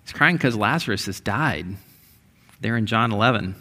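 A man's voice: lowish voice, animated, moderate pace, bright, forceful tone. A male pastor giving a conversational sermon, with frequent restarts and rising, emphatic stretches.

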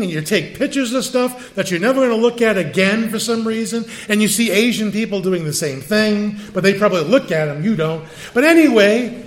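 High-voiced older man preaching casually. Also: lively intonation, moderate pace. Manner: conversational preaching with rhetorical questions and asides. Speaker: pastor. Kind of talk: sermon.

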